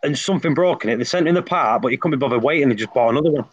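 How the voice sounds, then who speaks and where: A man's voice: mid-range voice, lively intonation, racing. A man, chatting casually and teasing the others as a stream guest. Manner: teasing, banter. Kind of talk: casual chat. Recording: muffled stream audio, faint noise.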